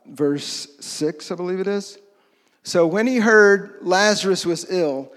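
High-voiced preacher in a reverberant hall. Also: male voice. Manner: conversational, asks the audience questions. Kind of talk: sermon.

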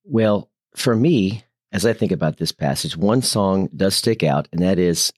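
A man co-hosting a casual Bible study discussion, telling anecdotes in an earnest, animated way. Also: low voice, unhurried, no echo, studio quality. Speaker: church co-host.

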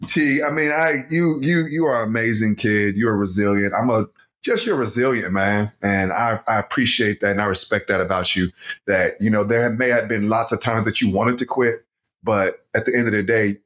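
Middle-aged dad co-host, lively storyteller, laughs easily, chatty podcast register. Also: male voice, lowish voice, normal speed. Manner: animated storytelling, laughs often, addresses listeners as y'all. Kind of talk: casual family podcast chat.

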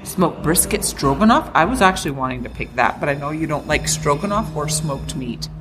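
A woman's voice: low-pitched, lively intonation, brisk, music in the background. A woman co-hosting a podcast in casual chat, playful and enthusiastic, teasing her co-host.

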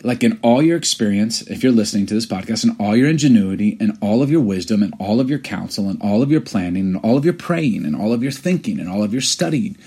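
A man's voice: on the low side, lively intonation, quick pace, few pauses, dark tone, husky. A man in his forties co-hosting a podcast, telling stories in an earnest, reflective way. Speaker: podcast co-host. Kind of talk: casual chat.

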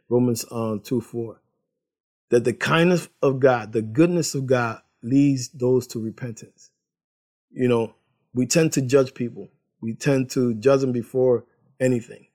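A man's voice: mid-range voice, darkish tone. A man casually sharing a personal faith testimony, rambling, repeating words and laughing as he tells it.

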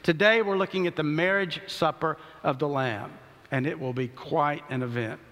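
A man, preaching a sermon as pastor, with earnest, emphatic delivery and slow scripture reading in a church. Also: fairly high pitch, fairly bright tone. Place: church sanctuary. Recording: long reverb of a large hall.

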